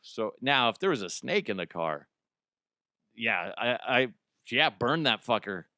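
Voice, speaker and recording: A man's voice: medium pitch, very animated, a little slow, pushed and bright, no room sound, clean studio sound. A man from the United States hosting a comedy news show, rambling and swearing casually and laughing at his own jokes.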